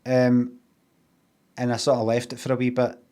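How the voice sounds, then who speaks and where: A man's voice: mid-range voice, completely flat delivery, normal speed, warm tone. A Glaswegian man casually telling a rambling, sweary story, acting out what people said in changed voices. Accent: Glaswegian Scottish. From Scotland.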